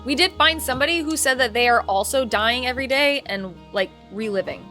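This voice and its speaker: A young woman streaming a game and chatting casually with viewers, loud and playful, swinging from yelling to soft asides. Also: on the high side, a little fast, soft background music.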